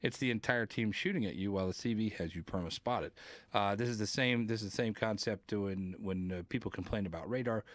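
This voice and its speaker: A man's voice: lowish voice, a little fast, no room sound. A man hosting a podcast, rambling through casual gaming talk, reading viewer comments and swearing now and then. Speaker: podcast host.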